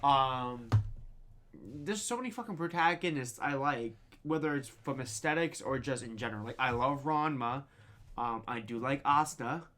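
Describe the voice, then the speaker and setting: A man's voice: medium pitch, moderate pace, pushed and bright. A man co-hosting a podcast, chatting casually and rambling enthusiastically with frequent swearing. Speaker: podcast co-host. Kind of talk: casual chat.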